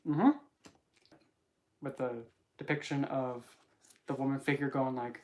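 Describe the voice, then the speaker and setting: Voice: medium pitch, little pitch movement, measured pace, long pauses, a little mellow. Rambling, joking tarot vlogger. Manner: rambling, joking, self-interrupting. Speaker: tarot reader. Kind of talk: casual tarot reading vlog.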